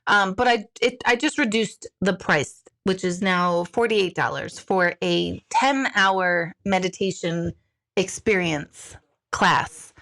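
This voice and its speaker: A woman's voice: on the low side, slow pace, vocal fry, a bit bright. A woman hosting a casual live stream, talking frankly and chattily with viewers and swearing now and then. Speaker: livestream host, intuitive coach.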